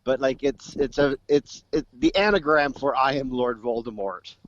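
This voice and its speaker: A man's voice: medium pitch, normal speed, fairly bright tone, no echo. A man co-hosting a podcast in casual chat, rambling with many restarts. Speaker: podcast co-host. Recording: dull, dry lo-fi mic.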